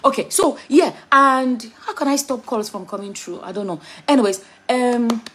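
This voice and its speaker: A woman's voice: fairly high pitch, normal speed, fairly bright tone, husky. A middle-aged Nigerian woman with a Nigerian accent, chatting frankly to camera on her vlog, wandering off topic and back. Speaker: vlogger. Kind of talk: casual commentary to camera.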